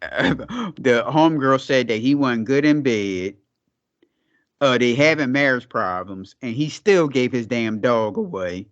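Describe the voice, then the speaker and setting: A man's voice: medium pitch, expressive, measured pace, dull audio. A man co-hosting a podcast, chatting casually with slangy, laugh-filled storytelling. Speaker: podcast co-host. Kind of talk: casual chat.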